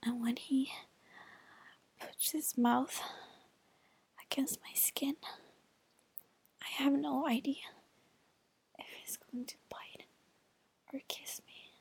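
A young woman murmurs through a whispered role-play in a high, airy voice, letting each phrase stretch out with unhurried slowness. Soft sighs fill the pauses, and there is a slight morning roughness to her tone. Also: fairly even intonation. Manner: breathy and slow, with frequent sighs. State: slightly rough voice, just woke up.

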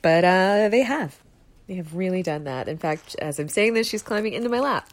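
A woman with a slightly low voice talks casually to her listeners from her bed, close to the mic. She rambles, teases herself, and laughs easily. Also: animated, normal speed. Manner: rambling, self-deprecating, laughs often. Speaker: comfort audio creator. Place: bedroom, on her bed with her dogs.

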